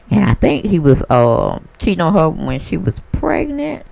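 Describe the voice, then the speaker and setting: Sassy gravelly-voiced woman gossiping. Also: lowish voice, normal speed, hardly any pauses. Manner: sassy, animated storyteller who acts out other people's voices. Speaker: celebrity gossip commentator. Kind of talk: casual gossip monologue.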